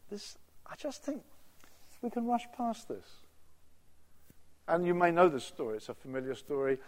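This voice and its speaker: An older man preaching a sermon, telling stories with animated acted-out quotes. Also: fairly high pitch. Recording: long reverb of a large hall.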